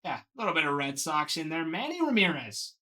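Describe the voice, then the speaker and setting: A man's voice: on the high side, very animated, a little fast, pushed and bright. A man hosting a live card box break, talking to viewers by name and gushing over each card.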